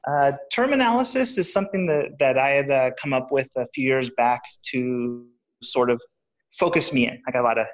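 A podcast guest talks about property investing in casual interview answers, rambling with plenty of restarts and "uh"s. His voice is medium in pitch, his pace moderate, and the audio quality poor.

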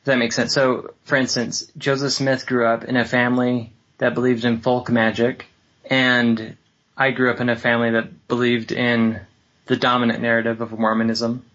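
A man talking as an interview guest, reflective and measured, pausing often with fillers as he picks his words. His audio is a little dull and lo-fi. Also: medium pitch, flat delivery, a bit bright. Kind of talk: reflective conversation.

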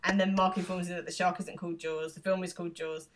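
A woman's voice: fairly low pitch, level tone, background noise. A woman co-hosting a podcast, casually recapping a TV episode and quoting the characters' lines as she goes. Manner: retells scenes with quick quoted lines and frequent laughs. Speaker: podcast co-host.

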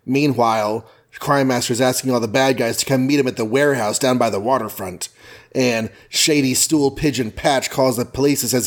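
A man's voice: mid-range voice, lively intonation, fairly quick. A man co-hosting a podcast, rambling jokily through a comic book recap with lots of fillers. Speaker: podcast co-host.

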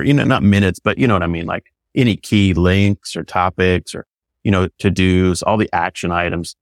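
A man's voice: deep voice, vocal fry, dry recording, studio quality. A man who works as a business consultant and coach, talking enthusiastically in a loose, rambling way full of fillers. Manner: enthusiastic, rambling, many fillers like "you know". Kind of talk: casual podcast conversation.

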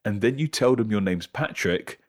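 An Englishman with a slightly low voice co-hosts a history podcast. He talks casually and tells stories with lively animation. He laughs easily along the way. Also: moderate pace. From England. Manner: chatty, laughs often, animated storytelling. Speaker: podcast co-host. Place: London.

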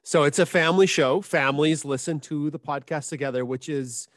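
A man who hosts a science podcast, speaking as a guest in a thoughtful, measured way with some hesitant restarts. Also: on the high side, a bit bright, no echo, studio quality. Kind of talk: casual interview chat.

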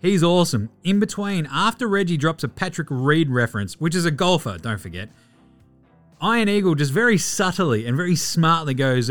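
Animated Australian man ranting sports. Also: on the high side, moderate pace, soft background music. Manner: animated, swearing, mock-outraged. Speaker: podcast host. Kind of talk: profane sports podcast rant.

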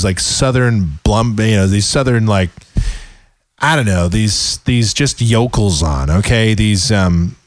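A man's voice: fairly low pitch, no room sound. A man hosting a comedic talk radio show, ranting sarcastically. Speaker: radio host.

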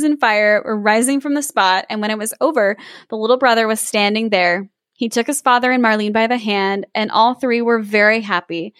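Woman reading a fairy tale, kinda high voice, dry close mic, expressive. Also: dry recording. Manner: expressive, animated reader. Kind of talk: storybook reading with casual chat.

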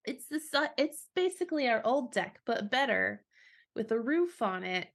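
A woman's voice: a little high, very animated, moderate pace, gravelly. A woman guest on a podcast, chatting casually and laughing a lot. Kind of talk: casual chat.

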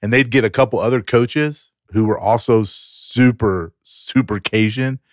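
A man in casual podcast chat, telling stories in an animated way and acting out the people he quotes. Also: mid-range voice, a little slow, no echo, clean studio sound. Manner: animated storyteller who acts out quoted people. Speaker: podcast co-host.

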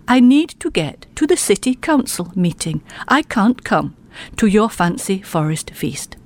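A woman's voice: mid-range voice, very animated, a little slow, voice pushed down. A woman doing an important moose mayor. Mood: apologetic.

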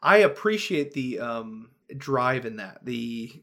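A man's voice: mid-range voice, lively intonation, slow, fairly bright tone. A man hosting a casual tabletop-gaming podcast, talking with enthusiasm and laughing often as he chats with his co-hosts. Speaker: podcast host and dungeon master.

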